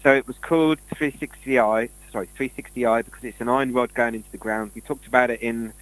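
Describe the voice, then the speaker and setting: A man's voice: mid-range voice, fairly even intonation, fast, a bit bright, no echo, rough recording. Rambling man telling stories. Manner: loose, digressive storytelling with many restarts. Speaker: guest speaker on esoteric topics. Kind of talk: rambling conversational monologue.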